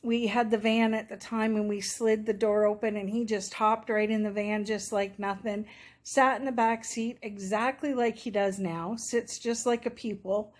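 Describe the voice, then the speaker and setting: A woman's voice: medium pitch, steady tone, normal speed. A middle-aged woman chatting to her viewers, telling a personal story in a rambling, emotional way and acting out what people said. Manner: chatty, rambling, emotional, acts out quoted dialogue. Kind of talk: casual storytelling to camera.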